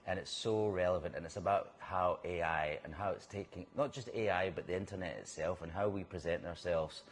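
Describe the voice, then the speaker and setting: A middle-aged man with a Scottish accent talks freely in an interview, his very low voice rolling from one anecdote to the next. He restarts phrases, tumbles into asides and keeps the chat loose and lively. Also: brisk. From Scotland. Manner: animated storyteller, restarts and laughs mid-sentence. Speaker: actor guest. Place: whisky bar in a city centre.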